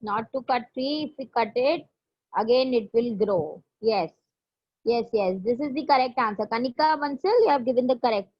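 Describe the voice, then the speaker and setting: A woman's voice: a little high, normal speed. A woman school teacher with an Indian English accent, teaching an online class and patiently repeating her questions. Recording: dull lo-fi online class audio.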